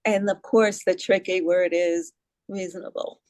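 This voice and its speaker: A woman's voice: on the low side, fairly even intonation, a little slow, darkish tone, dry recording, poor audio. New york lady giving a talk, chatty, asks the room stuff, pretty dry sound. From New York City. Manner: chatty, asks the audience questions, laughs at herself. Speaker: presenter on hearing loss advocacy. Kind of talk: casual presentation to a group.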